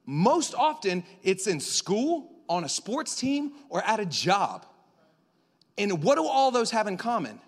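A man preaching a sermon as pastor, conversational and animated, joking and acting out voices. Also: sits high, measured pace. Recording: long hall reverb.

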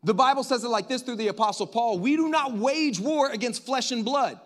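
High-voiced preacher with joking asides. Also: male voice, fairly quick, fairly bright tone. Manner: conversational, with joking asides to the congregation. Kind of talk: sermon.

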